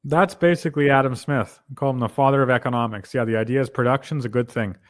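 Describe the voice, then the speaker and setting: A man's voice: mid-range voice, fairly even intonation, fast talker, no room sound, clean studio sound. A Canadian man hosting a conversation, explaining ideas in a lecturing way with examples, often checking in with "right?". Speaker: podcast host. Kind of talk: casual conversational commentary.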